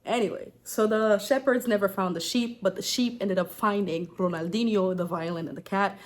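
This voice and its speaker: A woman's voice: mid-range voice, steady tone, normal speed. A woman with an accent telling folktales in a casual, chatty way, breaking off for jokes and asides. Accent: non-native English accent. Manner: chatty, digressive, joking. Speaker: folktale storyteller.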